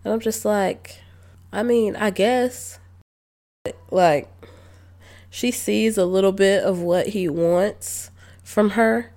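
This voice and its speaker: Slow-talking, sassy young woman reviewing a film. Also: medium pitch, fairly even intonation, a little mellow. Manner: chatty, incredulous, sassy asides. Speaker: movie reviewer. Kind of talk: casual spoken movie review.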